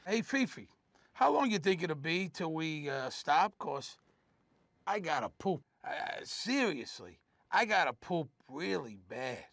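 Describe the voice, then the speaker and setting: A lazy, sluggish male dog whines in a gravelly, dry voice. He is a slow, hungry sad sack from an animated film. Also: on the high side, no room sound, pitched above the performer's own voice, heavily acted. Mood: whiny.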